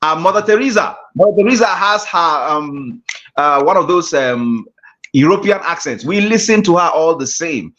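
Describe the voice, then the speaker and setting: A man gives an emphatic lecture over a video call, returning to his key phrases again and again. His voice sits a little high for a man. The call audio is dull and lo-fi. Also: expressive, normal speed, a bit bright, a little hiss or hum. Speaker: guest speaker on communication. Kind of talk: lecture in an online class.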